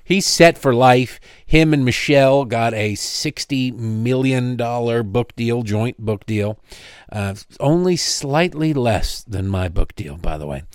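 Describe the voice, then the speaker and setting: A man's voice: mid-range voice, lively intonation, slow pace, clear, resonant tone, no echo, clean studio sound. A middle-aged man hosting a political talk show, delivering an opinionated monologue with sarcastic asides and tangents. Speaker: radio talk show host.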